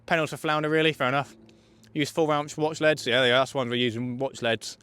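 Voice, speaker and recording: A man's voice: medium pitch, steady tone, quick pace, a bit bright, clean tone. A young man, chatting casually on a livestream while fishing from a riverbank, joking and answering viewers' questions. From England. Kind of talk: casual live fishing commentary. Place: outdoors on a riverbank.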